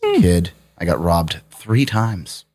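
A man's voice: low voice, slow pace, faint music behind. A man telling wild anecdotes in casual chat, swearing and laughing as he goes. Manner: profane, laughing, animated anecdotes. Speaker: podcast guest storyteller.

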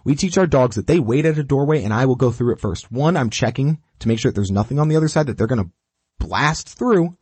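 Quick-paced, with a husky voice of medium pitch, this dog trainer gives direct, repetitive instruction one step at a time and animatedly acts out the dog's thoughts. There's no echo in the recording.

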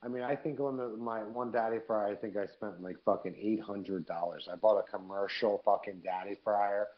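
A man co-hosting a live podcast, telling profane, animated stories in casual chat. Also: fairly low pitch, moderate pace, highs cut off. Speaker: podcast co-host.

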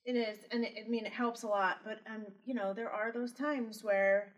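A woman's voice: on the high side, steady tone, normal speed, recorded from a distance, low-quality recording. A woman who is a mother, a guest on a podcast, talking candidly and restarting her sentences as she recalls things. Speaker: guest, mother of a son with disabilities. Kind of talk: casual podcast conversation.

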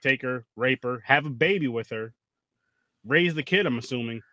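Dude rambling about a movie, cussing, lots of restarts, dead dry sound. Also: male voice, mid-range voice, moderate pace, sharp tone, dry recording. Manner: rambling, profane, restarts often. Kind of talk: casual movie review chat.

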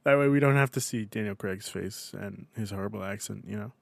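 A man's voice: lowish voice, a little fast, gravelly, dry recording. A man hosting a casual podcast chat, loose and swearing freely. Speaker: podcast host.

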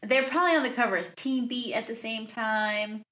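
Podcast lady chatting movies, goes along with everything, bright voice. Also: on the high side, normal speed. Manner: easygoing, agreeable, laughs along. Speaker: podcast co-host. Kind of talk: casual movie chat.

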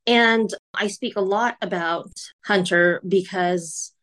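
A woman's voice: medium pitch, takes it slowly, a bit bright. A woman guest candidly recounting her personal story in an interview. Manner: candid, earnest, recounting vividly.

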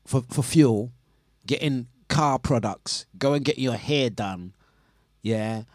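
A man hosting a breakfast radio show in casual chat. He talks in an unhurried way, with plenty of laughter and indignant banter. His voice sits close and dry on a studio mic. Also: medium pitch, a little mellow, no room sound. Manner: chatty, laughs often, reads listener complaints with indignant banter.

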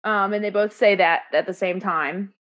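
A woman's voice: medium pitch, normal speed, muffled recording. A woman chatting casually, acting out lines as she recounts a scene. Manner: animated, acts out lines while recounting. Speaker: podcast co-host discussing a musical. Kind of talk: casual chat, quoting lyrics.

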